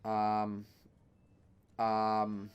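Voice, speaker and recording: A young man, chatting casually through a live-streamed game, joking and breaking into loud outcries. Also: lowish voice, completely flat delivery, very slow, clean tone, dull audio. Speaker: gaming streamer.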